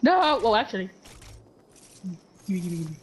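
A woman's voice: medium pitch, sing-song, a little slow, a little hiss or hum. A woman gamer chatting casually while playing, playful and crude, swearing a lot. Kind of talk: casual gaming chat.

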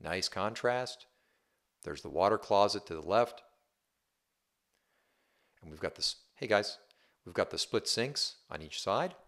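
A man's voice: lowish voice, expressive, measured pace, pauses often, a bit bright. A male real estate agent talking a viewer through a home tour, upbeat and chatty, often checking in with "right?". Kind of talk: casual home tour walkthrough.

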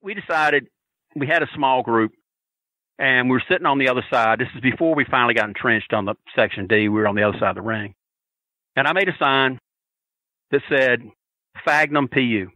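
A man telling a story loudly and boisterously on a podcast, swearing freely as a regular contributor. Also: medium pitch, brisk, pauses often, no echo, highs cut off. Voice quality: loud and boisterous, profane. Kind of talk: loud storytelling, casual chat.

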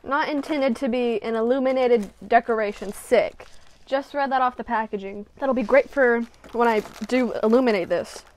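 A woman's voice: fairly high pitch, normal speed, a little mellow, slight background noise. A woman vlogging casually from her bedroom as she works on a craft project. She mutters to herself, runs herself down and swears freely. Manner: self-deprecating, swearing, muttering to herself while working.

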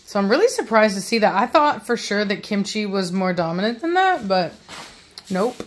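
A woman's voice: mid-range voice, expressive, normal speed, a little hiss or hum. A woman hosting a casual vlog about her puppies, chatting and slipping into cooing baby talk at them. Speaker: dog breeder and channel host.

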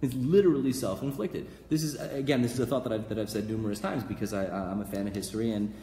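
A man teaching a live class as a rabbi, energetic and blunt, often repeating words. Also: fairly low pitch, fast talker. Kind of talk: animated live lecture. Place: lecture hall, live audience. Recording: echoey hall with faint noise.

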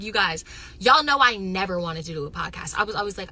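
A woman chatting casually with viewers on a phone livestream, animated and loud, swinging between excited bursts and near-whispers. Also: medium pitch, quick pace, slight background noise. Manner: says she is loud. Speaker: reality TV personality going live.

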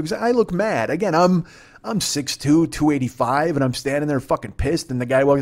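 A man's voice: medium pitch, quick pace, a little mellow. A male comedian hosting a podcast, telling a rambling story in a profane, self-deprecating way.

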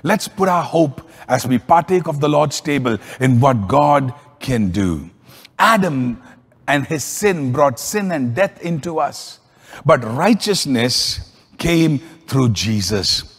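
Husky pastor preaching in a hall. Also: male voice, slow. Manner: storytelling with lively swings in pitch and volume. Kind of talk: sermon.

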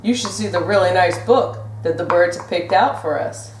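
A woman reading a picture book aloud to children in a gentle, sing-song way. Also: on the low side, normal speed, slight background noise. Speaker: storybook reader. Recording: roomy echo from a distant mic.

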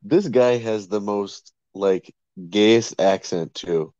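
A man's voice: lowish voice, takes it slowly, dark tone, no echo. Laid-back man on a muffled podcast mic. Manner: laid-back, chuckling asides. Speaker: podcast co-host. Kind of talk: casual chat.

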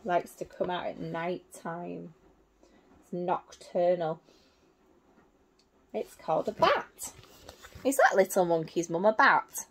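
Woman teacher, storybook reading for children, gentle, slow, lively pitch. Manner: gentle, questioning, explains to children.

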